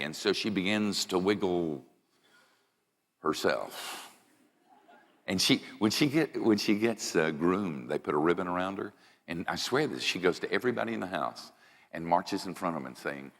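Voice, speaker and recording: A man preaching a sermon in a large church, telling funny stories in an animated, jokey way that jumps up into high yells. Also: moderate pace. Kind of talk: humorous sermon storytelling. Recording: long church reverb.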